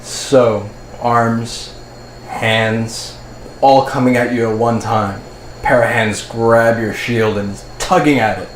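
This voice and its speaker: Echoey-room game master, steady narration. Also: male voice, mid-range voice, takes it slowly. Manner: descriptive, steady storytelling. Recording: echoey room, faint ambient noise.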